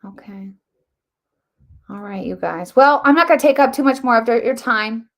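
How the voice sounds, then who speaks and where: This political commentary livestream host is a middle-aged woman with a fairly high, gravelly voice who talks a little fast. She rambles animatedly and casually, restarting often and using many fillers, and refers to her viewers as guys.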